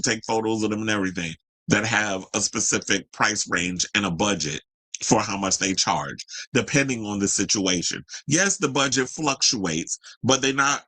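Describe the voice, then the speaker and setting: A man's voice: sharp tone, no room sound, rough recording. A man hosting a celebrity gossip podcast, reading the news and then breaking into brash, profane, sassy rants. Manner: brash, profane and sassy, jumping to high exclamations. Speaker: podcast host. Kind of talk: unscripted celebrity gossip commentary.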